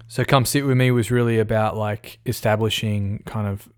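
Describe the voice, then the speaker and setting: A man who is a pastor, answering questions in a casual interview, thoughtful and halting, with many fillers. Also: on the low side, steady tone, smooth.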